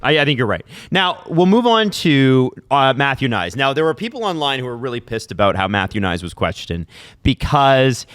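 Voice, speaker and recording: A man's voice: mid-range voice, sing-song, moderate pace, fairly bright tone, clean tone, dry recording, clean studio sound. A man co-hosting a podcast, talking sports in a casual, emphatic, opinionated way.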